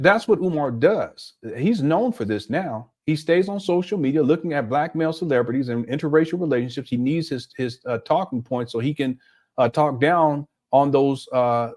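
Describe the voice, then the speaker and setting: An older man with a medium-pitched voice hosts a channel and gives casual reaction commentary. He's animated and mocking, often breaking into laughter.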